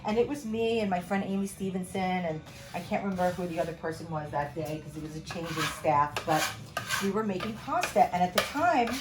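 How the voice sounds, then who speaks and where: A woman's voice: lowish voice, lively intonation, a little fast. A middle-aged woman chef giving a casual home cooking demonstration, chatty and rambling, full of asides. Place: home kitchen.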